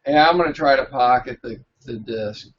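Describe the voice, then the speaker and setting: A man's voice: medium pitch, a loud crowd. Hesitant man, muffled recording. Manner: hesitant, halting. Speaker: player. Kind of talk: casual game talk.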